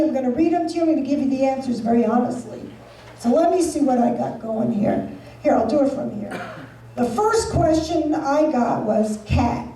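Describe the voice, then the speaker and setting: Brash high-voiced woman comic. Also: mellow, slight background noise. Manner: bawdy, brash, chatty with the audience. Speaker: stand-up comedian. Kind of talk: stand-up comedy set. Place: resort event room, live show. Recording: echoey venue from far off, with audience.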